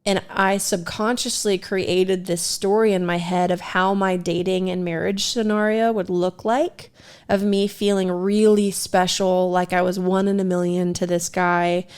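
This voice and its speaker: A woman's voice: fairly low pitch, level tone, unhurried, darkish tone, clear, resonant tone. Woman, podcast co-host, candid and self-deprecating storyteller who laughs often. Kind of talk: casual storytelling.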